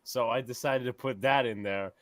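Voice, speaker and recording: A man co-hosting a casual sports podcast, telling stories in a profane, animated way. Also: mid-range voice, moderate pace, crowd noise. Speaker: podcast host.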